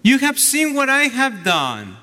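A man's voice: very high-pitched, wildly swooping pitch, a little slow, sharp tone, pitched above the performer's own voice, full character voice. A man putting on a scolding, irritated voice. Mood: exasperated. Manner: exasperated, scolding. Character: irritated man woken from a nap. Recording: echoey church hall.

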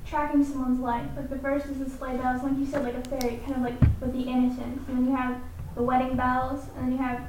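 A woman's voice: high-pitched, level tone, quick pace, noisy background. A woman student reads verse aloud and shares her view in a class discussion. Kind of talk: class discussion and poem reading. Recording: echoey classroom from far off.

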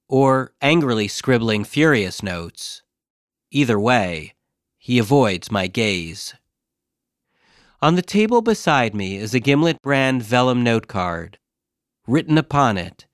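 A man reading his own scripted comic diary as a podcast host, in a deadpan, dryly self-mocking way. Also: medium pitch, no room sound, clean studio sound.

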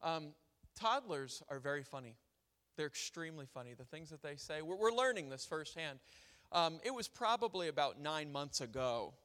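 High-voiced preacher in a reverberant hall. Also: male voice, sing-song, normal speed, fairly bright tone. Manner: storytelling with humor, then reading scripture. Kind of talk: sermon.

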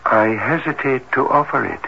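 An actor playing a cautious, formal doctor who speaks earnestly and hesitantly in a 1970s radio drama. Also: male voice, mid-range voice, moderate pace, vocal fry, breathy edge. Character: cautious, formal male doctor, a man of science. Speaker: cardiologist. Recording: dull lo-fi vintage radio with faint hiss.

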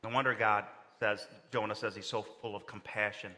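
Bright-voiced male pastor in an echoing hall. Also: brisk. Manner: animated preaching with wide pitch swings and acted-out quotes. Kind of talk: sermon. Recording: long reverb of a large hall.

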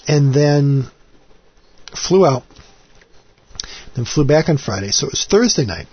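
A man in his forties hosts his own podcast, chatting alone in a rambling, self-deprecating monologue full of restarts and asides. His mid-range voice is husky, and the recording has its highs cut off.

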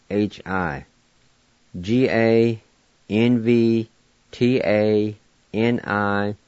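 A man's voice: on the low side, darkish tone, dry recording, lo-fi sound. A man hosting a radio language lesson, spelling out words letter by letter and pronouncing them patiently. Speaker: language teacher on a radio show. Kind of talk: slow spelling and pronunciation lesson.

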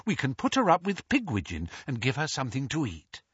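A woman's voice: very deep voice, huge pitch swings, fairly quick, husky, no room sound, muffled recording, pitched above the performer's own voice, full character voice. A man voicing an anxious, motherly older witch who pleads and coaxes. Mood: coaxing. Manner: pleading, coaxing.

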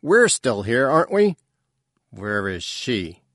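A man reading as a stern, proud alien father in an audiobook, curt and clipped. His deep voice moves slowly, and the recording is dry and close. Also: no room sound. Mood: bitter.

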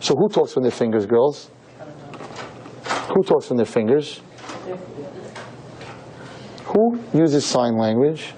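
A man's voice: big pitch swings, slow, pauses often, dark tone, slight background noise, rough recording. A man giving a lecture as a rabbi to a room of girls, emphatic and preachy, full of rhetorical questions and repetition. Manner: pitch swings widely, jumping high on key points. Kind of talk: sermon-style lecture to a live audience.

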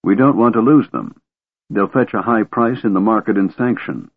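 A man doing a gruff, commanding warrior. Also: on the low side, lively intonation, moderate pace. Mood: scheming. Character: big gruff male warrior posing as a soldier. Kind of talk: audiobook character voice. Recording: narrow phone-like audio.

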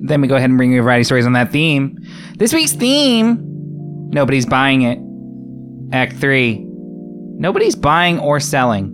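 A man's voice: medium pitch, very animated, normal speed, long pauses, music in the background. A man hosting a parody radio show in an earnest, mock-serious manner. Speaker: show host.

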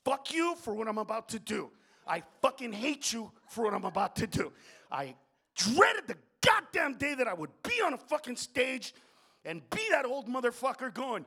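A middle-aged man doing a profane stand-up comedy set on stage before an audience, ranting and often breaking into shouts. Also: extremely high pitch, very animated, normal speed, gravelly, breathy edge.

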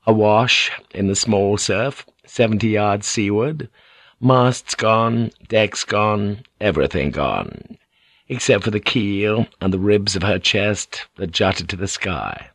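A man reading an audiobook aloud in a measured, dramatic storytelling manner, recorded in a studio. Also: on the low side, a bit bright, no room sound. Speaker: audiobook narrator. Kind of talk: scripted audiobook narration.

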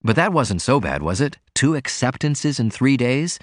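A man performs an audiobook character voice for a poor, earnest, eager young male writer, pitching it above his own natural voice. He's very animated at a moderate pace, with medium pitch. The studio recording is clean, with no echo.

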